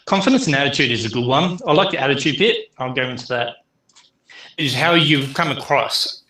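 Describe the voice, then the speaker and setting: A man's voice: medium pitch, expressive, bright, forceful tone, reverberant, rough recording. A middle-aged man, teaching an online class in a chatty way full of fillers. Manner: chatty, filler-heavy, speeds up and slows down. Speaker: university lecturer.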